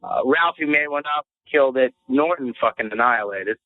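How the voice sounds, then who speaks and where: A man's voice: mid-range voice, animated, a little fast. A male comedian talking brashly and profanely in casual radio banter. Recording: tinny phone-like radio audio.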